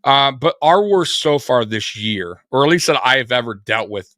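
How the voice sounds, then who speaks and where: A man's voice: mid-range voice, animated, normal speed, bright, forceful tone, no echo, clean studio sound. A man co-hosting a live sports show, talking casually, profane and rambling.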